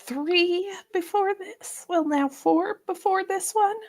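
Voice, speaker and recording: A woman playing a tabletop game, giggly and expressive, often dropping into whispers. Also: very high-pitched, slow. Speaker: player. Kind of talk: tabletop role-play.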